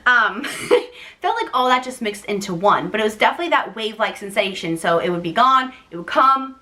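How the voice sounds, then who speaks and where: A young woman telling a personal story to her vlog audience in a chatty, animated way, with frequent "like" and laughing asides. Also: on the high side, brisk. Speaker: vlogger, first-time mom. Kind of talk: casual storytelling to camera.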